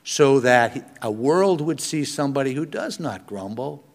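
A man's voice: medium pitch, animated, a little slow. An older man preaching a sermon as pastor, earnest and conversational, with self-deprecating humor. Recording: long hall reverb.

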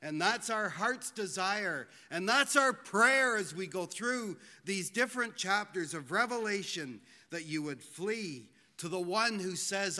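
A man preaching a sermon in a church, earnest and pleading, slowing down to stress his points. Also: high-pitched, expressive, pushed and bright. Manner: earnest, pleading, slows for emphasis. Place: church hall. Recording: long hall reverb.

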